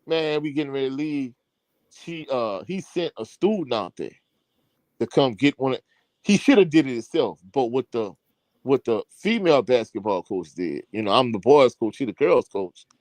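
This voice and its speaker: A man, a high school coach, telling a long sports anecdote in casual chat with slang and many fillers. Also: animated, moderate pace, darkish tone, no echo. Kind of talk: casual podcast storytelling.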